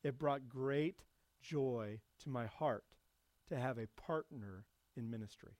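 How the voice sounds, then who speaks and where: A male pastor preaching a sermon, rising to loud emphatic passages and dropping back to soft, low reflection. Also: takes it slowly, dry recording.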